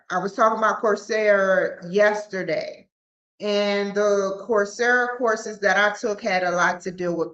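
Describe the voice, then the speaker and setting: A woman with a mid-range, slightly bright voice hosts her own podcast, talking solo in a casual, rambling way. She often stumbles and restarts her sentences, and the recording sounds roomy, dull, and lo-fi.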